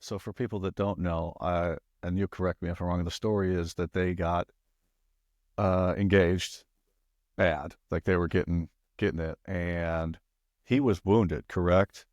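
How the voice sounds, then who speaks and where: Deep-voiced podcast host. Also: male voice, steady tone, a little slow, a little mellow, no room sound. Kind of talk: casual interview chat.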